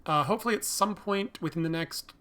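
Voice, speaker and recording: A tired man streaming a game, thinking aloud in a relaxed, self-deprecating way. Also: high voice, fast talker. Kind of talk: casual live-stream commentary.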